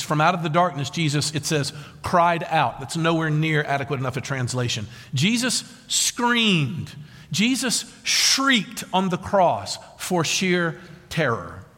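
High, animated male preacher in reverb. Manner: dramatic preaching with rhetorical questions. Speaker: pastor. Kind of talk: sermon. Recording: long reverb of a large hall.

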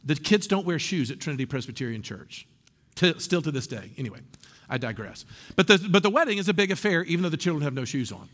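A male pastor, preaching a sermon in a church with lively storytelling, humorous asides and frequent restarts. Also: a little high, fast, in a large hall. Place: church sanctuary.

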